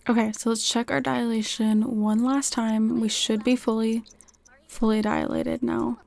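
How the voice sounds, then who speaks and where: A woman giving chatty, excitable commentary over a life-simulation game as she plays, often gasping and laughing. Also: fairly high pitch, measured pace, gravelly, no echo. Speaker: game streamer. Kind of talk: casual gameplay commentary.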